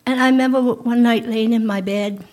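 A middle-aged woman pastor giving a sermon in a church, speaking slowly and softly, sometimes dropping almost to a whisper. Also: a little high, steady tone. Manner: slow, soft, drops into near-whispers on key lines.

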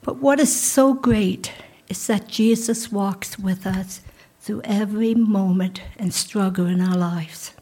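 A middle-aged woman pastor giving a sermon in a church, speaking slowly and softly, sometimes dropping almost to a whisper. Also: medium pitch, breathy edge. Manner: slow, soft, drops into near-whispers on key lines.

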